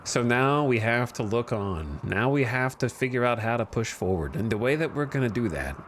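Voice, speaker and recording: A man's voice: mid-range voice, animated, moderate pace, a little hiss or hum. A man streaming a game, giving casual commentary in a wry, rambling, self-deprecating way.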